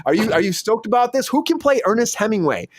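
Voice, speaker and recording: A man's voice: high voice, big pitch swings, quick pace, dry recording. A man hosting a live comedy entertainment news show, upbeat and hyped. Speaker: host.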